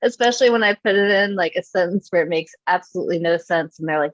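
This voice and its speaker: A woman's voice: on the low side, steady tone, quick pace, hardly any pauses, no echo, highs cut off. A woman casually chatting as a podcast co-host, laughing often and acting out quotes while she tells stories. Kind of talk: casual chat, storytelling.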